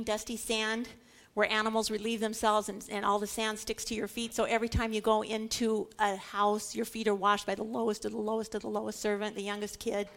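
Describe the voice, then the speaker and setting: A woman giving an animated scripture teaching, stressing points through repetition and dramatizing the quoted lines. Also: medium pitch, gravelly. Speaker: Bible teacher.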